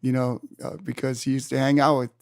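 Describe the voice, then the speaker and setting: A man in his seventies from Hawaii, an interview guest telling surf stories in an animated way and acting out his own exclamations. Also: medium pitch, brisk, clear, resonant tone, dry recording, clean studio sound. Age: 70s. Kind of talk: storytelling in a conversation. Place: room.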